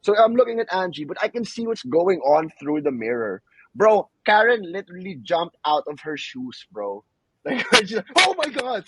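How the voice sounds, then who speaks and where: A man's voice: fairly high pitch, sing-song, moderate pace, husky, rough recording. A young man co-hosting a podcast, telling funny stories in casual chat, slipping between English and Tagalog slang and laughing often. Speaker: podcast co-host.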